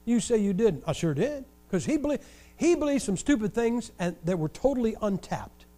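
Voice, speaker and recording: An older man from Ohio preaches in a noticeably high voice. He tells his stories with animated energy and lands jokes with dry, wry sarcasm. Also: normal speed. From Ohio, USA. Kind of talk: storytelling sermon.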